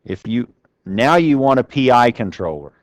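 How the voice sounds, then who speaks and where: A man's voice: medium pitch, big pitch swings, moderate pace, no echo. A man giving a university classroom lecture, talking conversationally and putting questions to the class. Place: lecture room.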